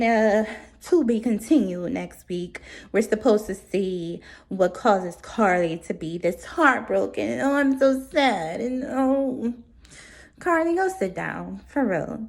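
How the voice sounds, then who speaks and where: A woman's voice: medium pitch, a little mellow. A woman recapping reality TV episodes in a blunt, sassy, profane casual commentary. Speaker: reality TV reviewer.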